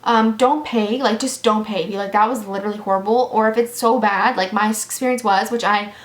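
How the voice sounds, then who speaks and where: A woman's voice: fairly high pitch, steady tone, moderate pace. A young woman telling a casual storytime rant to her viewers, sassy and exasperated, peppered with "like". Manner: sassy, exasperated, heavy use of "like". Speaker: vlogger. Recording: echoey room.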